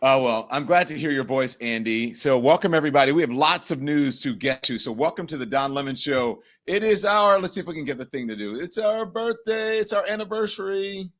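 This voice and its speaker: A man hosts his own live-stream from what sounds like an apartment home studio, speaking briskly with few pauses in a slightly high, fairly bright voice. He keeps it casual, laughing easily as he reads viewer comments.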